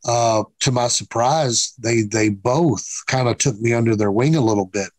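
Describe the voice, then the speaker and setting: A former pro wrestler in his fifties, appearing as a guest in a casual interview, tells stories bluntly with plenty of profanity and acts out quoted dialogue. His medium-pitched voice moves at a normal speed, with no echo but low recording quality.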